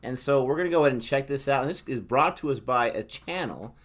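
A man's voice: medium pitch, quick pace. Playful man hosting a reaction video. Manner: playful, joking, animated. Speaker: co-host of a reaction channel. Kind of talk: casual reaction chat.

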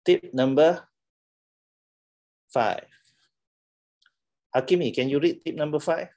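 A man's voice: a little high, slow, dark tone. A middle-aged man with a Malaysian English accent, giving a playful, teasing classroom talk and laughing often. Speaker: lecturer.

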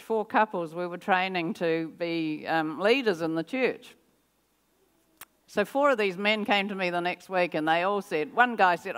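An older woman giving a personal testimony as guest speaker in a church service, telling her story in a lively way, acting out her own reactions and laughing often. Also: low-pitched.

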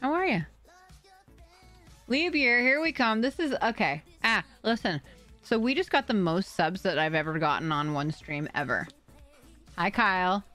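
A young adult woman live-streaming, chatting excitedly with her viewers, thanking donors, swearing and laughing. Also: mid-range voice, moderate pace, pauses often. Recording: faint music behind.

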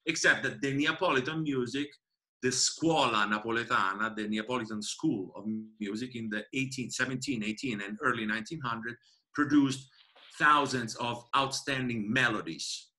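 A man's voice: medium pitch, moderate pace, bright, forceful tone. A man with an Italian accent chatting casually about music, often restarting phrases as he searches for words. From Italy. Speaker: guest musician and tour guide. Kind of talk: casual chat.

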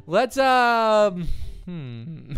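A young man giving excitable, rambling let's-play commentary with frequent laughter. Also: high voice, extremely slow, clear, resonant tone. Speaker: gaming YouTuber.

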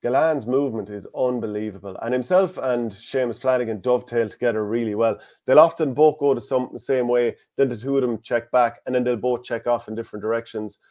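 A man's voice: mid-range voice, fairly quick, hardly any pauses, darkish tone. An Irish man co-hosting a podcast, talking through a game in long, detailed analytical runs. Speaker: co-host. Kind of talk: casual sports analysis chat.

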